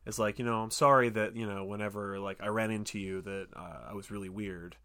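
A man in casual chat, recapping a movie in a rambling way and acting out lines in sudden high voices. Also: steady tone, fairly quick, crowd noise. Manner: rambling, acts out character lines with pitch jumps.

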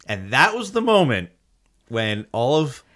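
A man's voice: mid-range voice, a little slow. A man telling a story in casual chat, acting out the quotes and swearing freely. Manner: animated storytelling with acted-out quotes.

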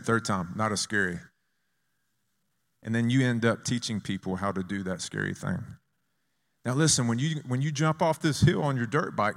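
Male pastor, lower register, animated call-and-response sermon delivery. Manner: lively, conversational preaching with call-and-response.

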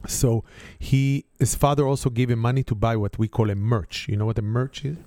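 Man, Israeli accent, lively family storyteller, mellow voice, dry close sound. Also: medium pitch, brisk, dry recording. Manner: animated storyteller, simple non-native grammar.

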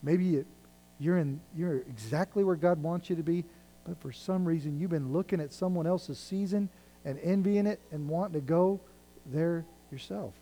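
A man's voice: on the high side, normal speed, warm tone, poor audio. A male pastor preaching a sermon, reading scripture and retelling it in everyday words, rising and dropping in intensity. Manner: paraphrases scripture conversationally, rising and falling in intensity.

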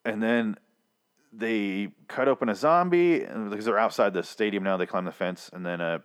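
A man's voice: on the low side, normal speed, smooth. A young man hosting a casual solo recap of a TV episode, rambling and joking, mocking the characters in put-on voices. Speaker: podcast host recapping a TV episode.

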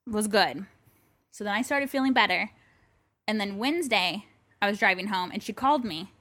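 In a bedroom with no echo, a woman co-hosting a podcast tells an animated story during casual chat, acting out each side of a phone call. Her medium-pitched voice is expressive and fairly bright, and she talks at a normal speed.

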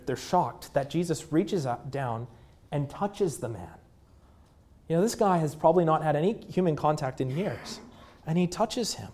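A man in his thirties preaching a sermon in a conversational way, with fillers, dropping to a hushed voice at tender moments. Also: on the high side. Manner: drops to a hushed voice at moving moments. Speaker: pastor.

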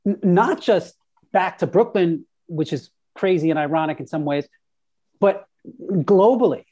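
A reflective speaker talks through ideas in a casual conversation, stopping and restarting as the thought forms. The voice sits at a middle pitch. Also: unhurried, mellow, slightly rough. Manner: reflective, repeats words while thinking.

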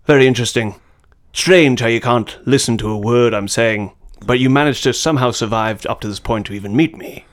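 A man's voice: medium pitch, a little fast, close to an everyday voice. A man doing an impression of a pompous older British film mentor with a put-on British accent, stately and bossy. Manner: stately, then erupts into shouting.

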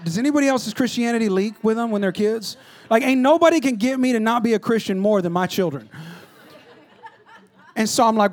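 A man, a pastor, preaching a sermon in an animated storytelling way, dropping to a hush and then rising loud. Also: high-pitched, a little fast. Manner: animated storytelling, jumps between hushed and loud.

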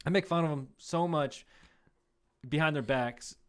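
A man's voice: fairly high pitch, measured pace, clean tone. A man co-hosting a comedy podcast, chatting casually, swearing freely and laughing often as he rambles through stories. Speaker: podcast co-host. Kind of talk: casual chat.

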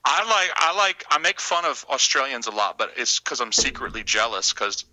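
Loud, teasing podcast host, bright voice. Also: male voice, medium pitch, moderate pace, dry recording, poor audio. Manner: loud, teasing, profane, animated. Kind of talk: crude casual banter.

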